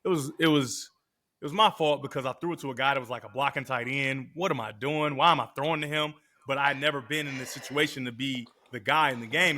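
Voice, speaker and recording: A man in his thirties, a podcast guest and former quarterback, telling stories in a casual, slangy, animated way. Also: medium pitch. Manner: animated, slangy storyteller who acts out quotes. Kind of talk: casual storytelling.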